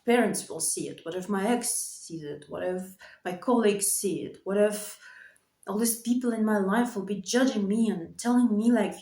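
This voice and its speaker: A woman speaks to camera from her bedroom in an emotional, halting way, circling back over the same phrases. Her voice cracks now and then. The room gives her voice a noticeable echo. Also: mid-range voice, warm tone. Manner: emotional, halting, repeats phrases, nervous laughs. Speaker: vlogger. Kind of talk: confessional talk to camera. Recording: echoey room.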